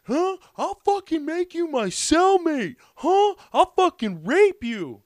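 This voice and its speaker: A man voicing a loud, aggressive tattooed ex-con who shouts threats and repeats himself. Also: extremely high pitch, lively intonation, normal speed, no room sound, clean studio sound, pitched above the performer's own voice. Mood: threatening.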